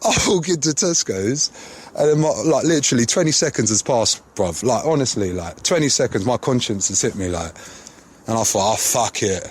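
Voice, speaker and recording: A man's voice: mid-range voice, lively intonation, normal speed, slight background noise. A man telling a casual anecdote, full of slang and swearing. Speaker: storyteller.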